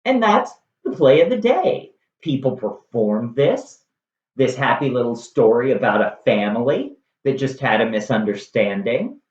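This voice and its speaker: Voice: mid-range voice, big pitch swings, measured pace, a little mellow. A host casually retelling a classic play, wry and conversational with lots of animation. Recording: roomy, distant, dull lo-fi.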